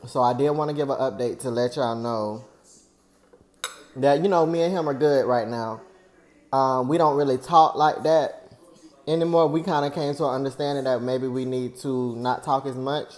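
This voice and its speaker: A man's voice: medium pitch, moderate pace, darkish tone. A man, talking earnestly and at length to his viewers in a personal vlog, venting about a friend. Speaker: vlogger.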